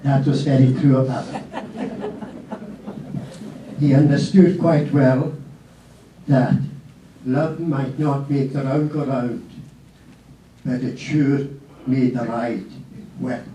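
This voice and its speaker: A man's voice: medium pitch, steady tone, takes it slowly, long pauses, dark tone, a little hiss or hum. A man giving a reflective eulogy, quoting poetry as he says goodbye to a friend. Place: memorial hall. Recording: echoey hall from far off.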